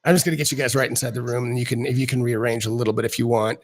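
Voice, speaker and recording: A man narrating as dungeon master of a tabletop game in a rambling, halting way. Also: mid-range voice, steady tone, a little hiss or hum, low-quality recording.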